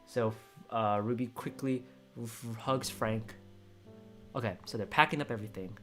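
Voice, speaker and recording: A man reading a screenplay aloud in a casual way, excitable and choked up, often restarting his sentences. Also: mid-range voice, moderate pace, soft background music. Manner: excitable, emotional, with frequent restarts. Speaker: screenplay reader and commentator. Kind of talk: casual script read-through with commentary.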